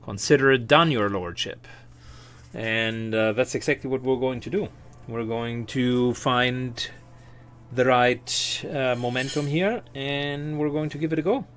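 A man's voice: medium pitch, steady tone, unhurried, fairly bright tone. A man hosting a let's play, musing casually about his game with many fillers. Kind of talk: gaming commentary.

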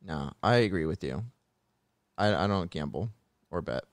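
A man co-hosts a podcast in loose, joking chat and breaks into laughter often. His voice sits low, and the dry, close recording carries no room echo. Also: expressive, moderate pace. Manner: laughs often, playful teasing. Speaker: podcast co-host. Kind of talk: casual chat.

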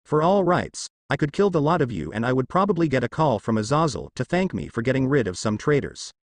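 A man reading a fanfic aloud, voicing a calm, menacing young male demon ninja who talks dryly and pleasantly. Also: medium pitch, fairly quick, dry recording. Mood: cool. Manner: dry, pleasant, quietly threatening.

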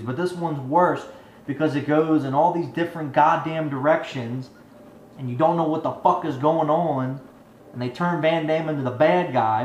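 Swearing nonstop, an exasperated man rambles through a foul-mouthed movie review. He has a fairly high pitch, and there's a bit of hiss or hum, recorded in an echoey room with faint ambient sound.

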